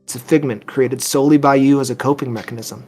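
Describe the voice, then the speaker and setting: A man voicing a calm psychiatrist who speaks gently and quietly to a patient. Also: mid-range voice, quick pace, slightly rough, soft background music, natural voice. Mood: firm. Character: calm soft-spoken male psychiatrist.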